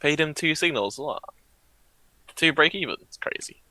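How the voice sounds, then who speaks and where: A man's voice: a little high, animated, normal speed, sharp tone, no echo, poor audio. A man co-hosting a live trading stream, teasing and laid-back in casual banter.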